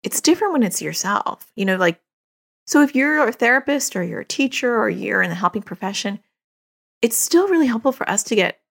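A woman's voice: medium pitch, vocal fry, a bit bright. A middle-aged woman, a therapist hosting a parenting podcast, talking in a chatty, self-disclosing way with frequent fillers. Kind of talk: casual advice monologue.

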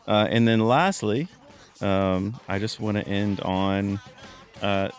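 A man's voice: on the low side, takes it slowly, clean tone, faint music behind. A man co-hosting a podcast, chatting casually with frequent ums and restarts. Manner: rambling, lots of ums and fillers. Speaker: podcast co-host.

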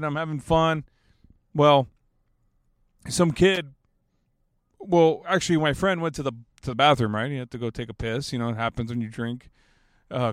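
A man's voice: mid-range voice, smooth, no room sound, clean studio sound. A man in his thirties telling a story in a casual, rambling way, swearing freely and laughing at his own jokes. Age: 30s. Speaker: basketball fan telling a story.

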